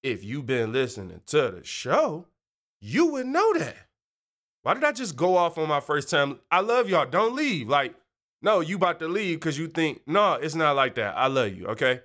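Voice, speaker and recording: A man's voice: on the high side, sing-song, normal speed, a bit bright. A man hosting a faith podcast in a chatty, slangy way, going off on tangents and playfully slipping into joking voices. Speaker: podcast host. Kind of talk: casual faith podcast monologue.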